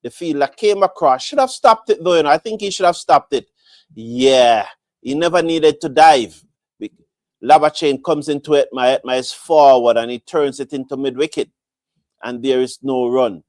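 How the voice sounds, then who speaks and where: A man's voice: mid-range voice, normal speed, dry recording, clean studio sound. Man calling cricket, repetitive delivery. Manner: repetitive, animated play-by-play. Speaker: cricket commentator. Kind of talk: live fan commentary.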